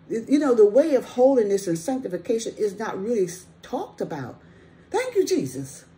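A woman's voice: medium pitch, dark tone. A middle-aged woman teaching the Bible in a casual, earnest way, often breaking in with praise and checking in with her listeners. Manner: earnest, exclaims "thank you, Jesus" often; conversational, with frequent "okay?". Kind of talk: informal Bible study teaching.

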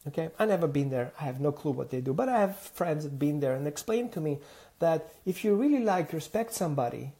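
A man from the Mediterranean, a dog trainer giving an animated teaching monologue full of rhetorical questions and acted-out dialogue. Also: fairly high pitch, a little fast.

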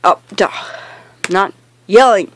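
A woman doing a comedic gaming rant, bossy and exasperated, shouting directions at a teammate while insisting she is not yelling. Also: medium pitch, slow. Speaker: gamer in a comedy skit.

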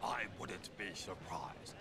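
A man's voice: low-pitched, takes it slowly, creaky, exaggerated voice. An actor voicing a townsman in an adventure video game, making offhand remarks. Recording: game audio under loud game music.

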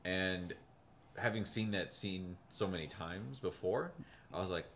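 A man co-hosting a casual film podcast, recapping scenes with lively acted-out quotes. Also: low-pitched, a little slow, a little hiss or hum. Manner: animated storyteller, acts out quotes. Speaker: podcast co-host. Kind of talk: casual movie recap chat.

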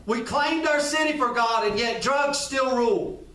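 A man's voice: extremely high pitch, measured pace, pushed and bright. A man preaching a sermon as pastor, conversational, repeating phrases and speaking straight to his listeners. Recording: echoey room, distant from the mic.

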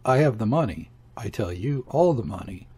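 A man's voice: lowish voice, lively intonation, moderate pace, darkish tone, slightly rough. A man voicing a frightened pleading woman. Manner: pleading, trembling and breathless. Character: frightened desperate young married woman.

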